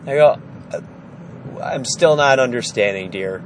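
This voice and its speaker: A stressed, tired vlogger tells a wry story, exasperated, in an animated, mid-range voice at a slow pace. He's walking with his phone through an indoor storage warehouse, with a noisy background, for a casual storytelling vlog.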